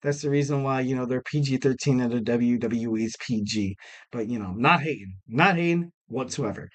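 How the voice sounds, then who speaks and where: A man's voice: mid-range voice, moderate pace. A man hosting a wrestling podcast alone, rambling casually with lots of fillers and self-mocking jokes. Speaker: podcast host. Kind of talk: casual solo podcast talk.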